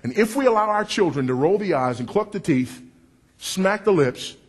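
A husky, slightly breathy male preacher with a big voice delivers a sermon. He speaks emphatically and wryly and works the crowd. His voice swings from loud to low. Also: lively intonation, normal speed. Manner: confessional and wry, working the crowd.

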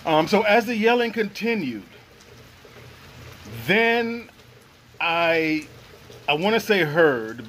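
A man's voice: a little high, fairly bright tone, slight background noise, rough recording. A man earnestly recounting a personal experience in first person, reflective and searching for the right words. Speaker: guest sharing a personal experience.

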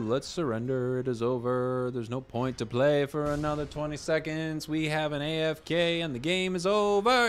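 A young man casually commenting on his matches as he plays, rambling and telling deadpan joke stories. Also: fairly high pitch, moderate pace, few pauses, faint music behind. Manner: rambling, joking, deadpan tall tales. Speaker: gaming channel host.

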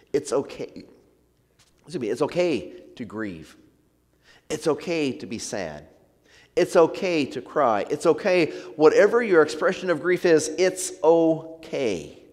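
A male pastor preaching a sermon in an earnest, gentle way, often letting his phrases trail off softly. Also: mid-range voice, long reverb tail. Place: church sanctuary.

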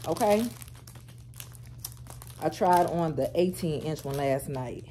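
A woman vlogger chatting to camera at home, animated and talkative, calling her viewers y'all, girl and baby. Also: low-pitched, slow pace, background noise. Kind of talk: casual get-ready-with-me chat to camera.

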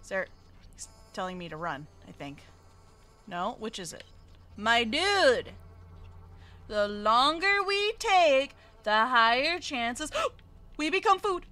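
A woman streamer with a high, bright voice gives cutesy, jittery play-by-play of a game. She often whimpers that she is scared, and her pitch swoops up and down a lot. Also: animated, slow, long pauses. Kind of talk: live let's play commentary.

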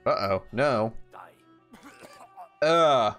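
A man talking through his first playthrough of a game, his voice leaping high when something startles him and dropping low as he muses. He speaks at an unhurried pace, a little sleepy, with soft music playing behind him. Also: clean tone. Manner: reactive, swings from calm musing to excited shouts. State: tired, yawning. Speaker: gaming YouTuber. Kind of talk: casual let's-play commentary.

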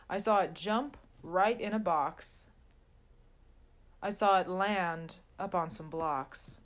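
Woman reading a children's picture book aloud, sing-song rhymes, slow pace, mid pitch. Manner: sing-song rhyming delivery. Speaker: storybook reader.

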